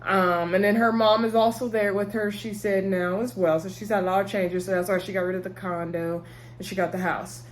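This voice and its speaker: A woman's voice: mid-range voice, level tone, brisk, slight background noise. A woman, chatting casually as she recaps a TV episode, rambling and laughing often. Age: 30s. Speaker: TV show reviewer.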